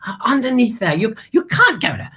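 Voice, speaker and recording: A woman's voice: fairly high pitch, big pitch swings, brisk, pushed and bright, breathy edge, exaggerated voice. A woman playing a grand, glamorous lady who hosts a children's show, gushing and calling everyone darling. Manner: flamboyant, calls everyone darling. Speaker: host. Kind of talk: theatrical kids' show hosting.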